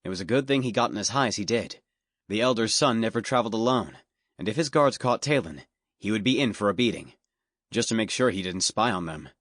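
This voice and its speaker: A man reads a fantasy audiobook as scripted narration, telling the story in a steady, measured way. His voice is on the low side, captured dry on a studio microphone with studio quality.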